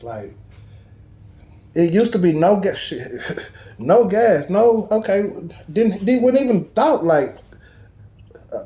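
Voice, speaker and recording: A man in casual chat, telling a personal story with animated emphasis and street slang. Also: high-pitched.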